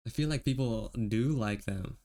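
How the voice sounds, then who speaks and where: A man's voice: lowish voice, moderate pace. An American man streaming while he draws, chatting casually with his viewers and laughing often. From United States. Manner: relaxed, laughs often, talks to chat. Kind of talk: casual chat while drawing.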